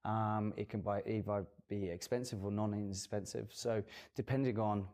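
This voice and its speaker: A man's voice: lowish voice, steady tone, moderate pace, dark tone. A man who works as a hairdresser, giving a guest interview in a casual chat and explaining earnestly at length with fillers. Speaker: guest hairdresser and salon owner.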